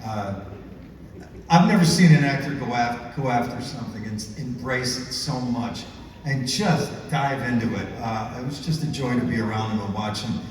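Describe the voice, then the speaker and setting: A male actor speaking haltingly on a convention panel, stopping and restarting often. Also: mid-range voice, slight background noise. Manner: halting, many fillers and restarts. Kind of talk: panel talk. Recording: echoey convention hall, far mic.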